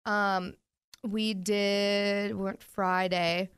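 A woman's voice: medium pitch, little pitch movement, very slow, fairly bright tone, clean tone, no room sound. A young woman co-hosting a podcast, telling weekend stories in casual chat with lots of "like" and "um". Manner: chatty storyteller, lots of "like" and "um"; talks with her mouth full at times. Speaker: podcast co-host.

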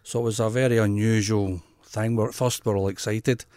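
A man's voice: on the low side, fairly even intonation, brisk, darkish tone, no room sound. Chatty Scottish man, dry sound. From Scotland. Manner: chatty, self-deprecating storyteller. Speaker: guest photographer. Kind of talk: casual interview chat.

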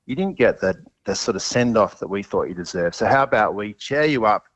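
A man's voice: on the low side, expressive, brisk, fairly bright tone. A man, a podcast host, recounting events as a guest on a radio show in an upbeat way. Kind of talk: radio interview over a line. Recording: dull lo-fi line.

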